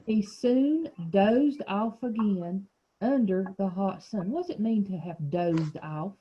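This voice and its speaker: A woman's voice: mid-range voice, slow, lo-fi sound, slight background noise. A woman teacher leading a small reading group over a video call, asking questions and explaining words patiently.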